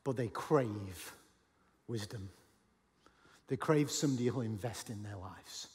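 A man preaching a sermon as pastor, animated, acting out Bible dialogue and at times rising to a shout. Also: on the low side, unhurried. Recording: long hall reverb.

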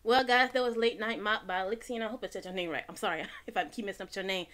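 A woman hosting a gaming channel and giving excitable let's-play commentary, gasping, swearing and jumping at scares. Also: mid-range voice, quick pace.

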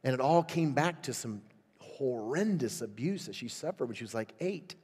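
A middle-aged man preaches at a revival, moving from quiet storytelling to loud, fervent exhortation. His voice sits at an ordinary male pitch. It rings with the long reverb of a large church hall. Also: lively intonation, moderate pace, breathy edge. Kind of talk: sermon.

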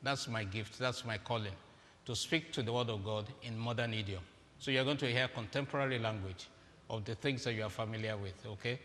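A guest preacher with a fairly low, slightly bright voice talks at a fairly quick clip, delivering a humorous, interactive sermon as he directs volunteers on stage in a large auditorium. The hall is echoey, with faint ambience.

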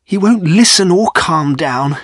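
A man putting on a tense, angry young gentleman. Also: fairly high pitch, expressive, measured pace, dry recording, studio quality, voice pushed up. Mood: worried. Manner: raised, tense and bitter. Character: young gentleman, anxious, quick to anger. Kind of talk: graded-reader audiobook reading.

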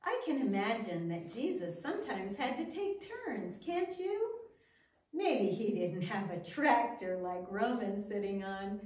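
A woman teaching a Sabbath school class for toddlers, talking in a gentle, sing-song way as she tells a story and coaxes the children. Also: medium pitch, very animated, a little slow. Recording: roomy echo, mic at a distance, faint music.

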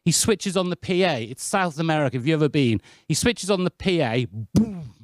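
A man's voice: fairly high pitch, a little fast, no room sound, studio quality. A British man preaching a sermon, telling stories in a chatty, self-deprecating way. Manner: anecdotal, chatty and lively, with self-deprecating asides.

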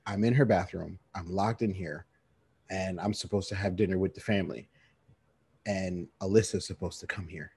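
Animated man telling a story. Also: low-pitched, normal speed, breathy edge. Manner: animated storyteller, acts out friends' voices and laughs a lot. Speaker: podcast co-host. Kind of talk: casual storytelling chat.

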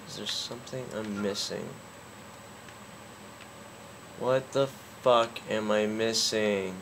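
A man's voice: on the low side, a little slow, creaky, fairly bright tone, slight background noise. A man commentating a game, cursing constantly and getting angry, with a sore throat. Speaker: gaming YouTuber. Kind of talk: let's play commentary.

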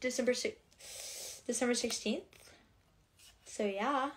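A woman's voice: fairly high pitch, measured pace, a little hiss or hum. A young woman hosting a casual livestream, chatting to viewers and reading out comments in a bubbly, rambling way full of filler words.

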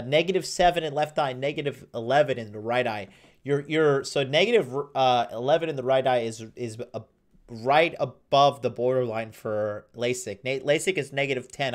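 Young male livestream host, casual rambling chat, mid-pitched voice, computer mic. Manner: rambling, with frequent fillers and restarts. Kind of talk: casual livestream chat reading viewer comments.

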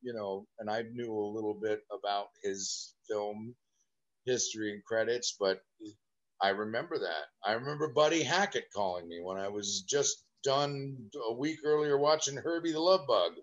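A man in his fifties from Southern California, a guest in an interview, telling animated, rambling anecdotes about his childhood. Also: fairly low pitch, moderate pace, lo-fi sound. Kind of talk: storytelling interview.

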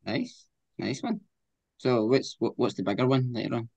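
Host, easygoing chat, everyday mid voice. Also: male voice, medium pitch, big pitch swings, moderate pace, vocal fry, a little mellow, highs cut off. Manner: friendly, easygoing banter. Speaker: podcast host. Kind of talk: casual podcast chat.

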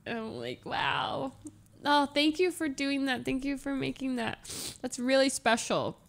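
High-voiced emotional woman streamer. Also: big pitch swings, normal speed. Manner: emotional, gushing, laughs often. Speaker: streamer reacting to clips. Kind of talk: casual live-stream chat.

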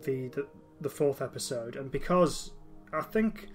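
With faint music in the background, a man with a medium-pitched voice hosts a podcast. He talks enthusiastically in a casual discussion, frequently halting and restarting his sentences.

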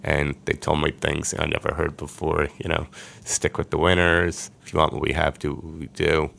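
A man's voice: rumbling low, flat delivery, normal speed, vocal fry, fairly bright tone, a little hiss or hum. A middle-aged man earnestly telling an emotional personal story as a podcast guest.

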